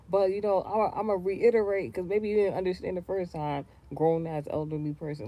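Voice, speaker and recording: A man venting in a casual, rambling rant, profane and animated, with lots of restarts and sudden loud high outbursts. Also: brisk, hardly any pauses. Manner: swings between low mutters and loud high outbursts. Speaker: vlogger.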